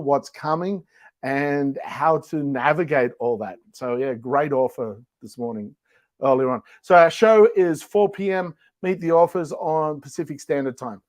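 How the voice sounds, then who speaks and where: Guy co-hosting a chat, fairly high voice, playful, tells stories and does silly voices, dry close sound. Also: no echo. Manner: playful storytelling, mimics animals and neighbors. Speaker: co-host. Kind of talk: casual chat.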